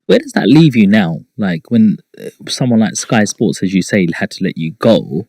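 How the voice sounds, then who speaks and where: A man hosts the interview, his voice very deep and recorded dry and close. He mostly offers brief prompts and pointed follow-up questions. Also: big pitch swings, normal speed, darkish tone, no echo. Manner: short prompts and probing questions. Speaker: interview host.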